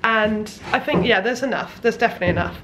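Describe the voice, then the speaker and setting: A woman's voice: a little high, fast, noisy background. A young woman, a sewing vlogger, chatting casually at her parents' house with plenty of ums and restarts. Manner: chatty, rambling, lots of fillers. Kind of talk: casual chat.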